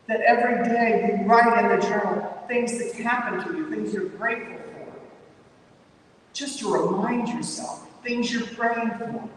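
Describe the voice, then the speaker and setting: A man preaching a sermon in a conversational way, often repeating himself and adding "you know" and "maybe". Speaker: pastor. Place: large church sanctuary. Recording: echoey church hall from far off, faint rumble.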